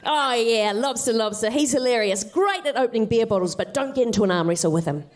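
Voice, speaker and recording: An eager farmyard fox, as a woman puts him on, keeps cutting in with more silly names. His delivery bounces around in pitch. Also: expressive, quick pace, natural voice. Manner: eager, interrupting. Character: eager, gossipy male fox on a farm.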